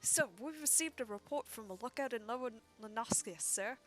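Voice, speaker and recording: A woman's voice: a little high, brisk, a bit bright, soft background music, close to an everyday voice. Woman reading for a young soldier giving a report, formal, plain voice. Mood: urgent.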